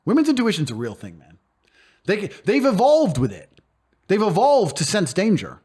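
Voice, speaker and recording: A man's voice: high voice, wildly swooping pitch, moderate pace, a little mellow, slightly rough. A man speaking bluntly and emphatically as a guest in a casual interview, swearing freely and often acting out other people's voices. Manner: acts out quoted speech in put-on voices. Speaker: podcast guest.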